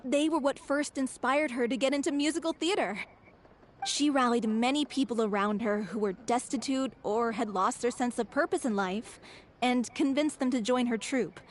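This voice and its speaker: A woman's voice: on the high side, lightly acted. Woman voicing an earnest troupe actress. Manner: earnest and heartfelt. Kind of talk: video game voice acting.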